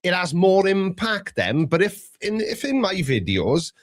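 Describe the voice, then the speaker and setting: A Welsh man hosting a call-in show, with a voice pitched a little above most men. He talks in a loose, chatty way and pokes fun at himself as he tells stories. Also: very animated, measured pace. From Wales. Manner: chatty, self-deprecating storyteller. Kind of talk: casual chat.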